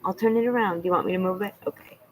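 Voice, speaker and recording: A woman's voice: medium pitch, rapid-fire, background noise. A woman hosting a live stream from home, chatting casually and answering her viewers by name. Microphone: laptop.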